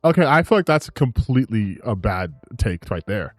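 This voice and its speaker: A man giving casual commentary on gaming clips, ranting in an excited, rambling way with frequent restarts. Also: fairly low pitch, normal speed, no room sound, faint music behind.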